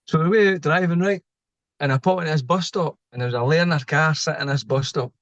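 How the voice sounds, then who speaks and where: A middle-aged Scottish lorry driver tells a story in casual chat, animatedly acting out the people in it. His voice sits fairly high and he talks fast. The recording is muffled, with no echo.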